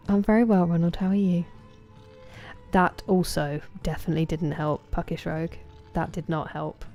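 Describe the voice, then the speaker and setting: A woman's voice: on the low side, mellow. A young woman streaming a game, chatting casually with viewers and greeting them by name. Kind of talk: casual chat with viewers while gaming. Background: game music.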